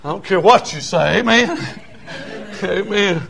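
An older man, preaching a sermon as pastor in a folksy storytelling way, swinging from quiet talk to shouting. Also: high voice, expressive, unhurried, gravelly, a little hiss or hum.

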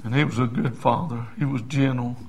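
A man's voice: medium pitch, fairly even intonation, brisk, vocal fry. A middle-aged man preaching a fervent sermon and calling the congregation for amens. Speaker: pastor.

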